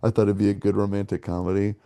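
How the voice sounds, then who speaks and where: A man's voice: fairly low pitch, level tone, racing, dark tone, clear, resonant tone, no echo, studio quality. A man co-hosting a movie podcast, chatting casually and rambling, laughing often between his thoughts. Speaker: podcast co-host. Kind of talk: casual movie review chat.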